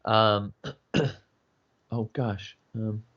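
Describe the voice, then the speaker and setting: A man's voice: fairly low pitch, steady tone, drawn-out words, a bit bright. A man teaching singing in a casual livestream, explaining with lots of fillers and checking in with "yeah?" and "right?". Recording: dull lo-fi livestream audio.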